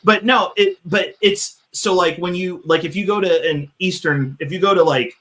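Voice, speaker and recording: A man's voice: high-pitched, sing-song, normal speed, fairly bright tone. Loose, swearing man in casual debate. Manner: loose and profane, lots of restarts and "like". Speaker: panelist. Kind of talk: casual debate on a live stream.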